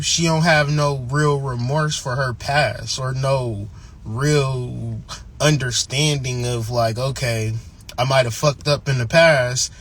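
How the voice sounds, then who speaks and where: A man's voice: medium pitch, a bit bright. A man hosting a channel, delivering a blunt, profane, emphatic ranting monologue. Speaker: channel host.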